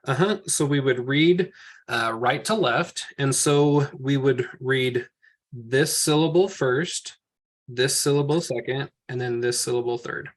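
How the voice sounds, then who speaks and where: A man's voice: mid-range voice, unhurried. A man teaching a group language lesson, explaining patiently step by step and correcting himself as he goes. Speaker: Hebrew teacher.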